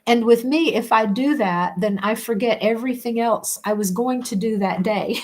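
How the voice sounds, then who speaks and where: A woman hosting a casual chat, reading viewer comments aloud and musing with frequent restarts and soft laughs. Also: fairly high pitch, normal speed. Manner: rambling, restarts often, laughs between thoughts.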